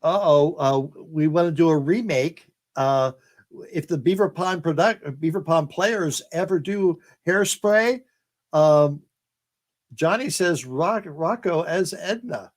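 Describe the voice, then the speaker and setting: Brief: male drag talk host, unhurried, frequent laughter. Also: a little high. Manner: laughs often, warm prompting questions. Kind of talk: casual chat.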